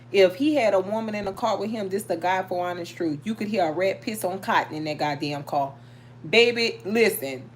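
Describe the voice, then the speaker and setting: Animated woman chatting on a livestream. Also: fairly high pitch. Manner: animated, storytelling, talks to viewers. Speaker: livestream host reading tarot. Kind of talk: casual live chat.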